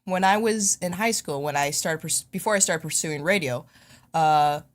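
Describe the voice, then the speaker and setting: Woman podcast co-host, lower register, smooth broadcast-style voice, casual and self-deprecating. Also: normal speed. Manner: chatty and self-mocking, laughs often; smooth voice people call radio-ready. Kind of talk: casual chat.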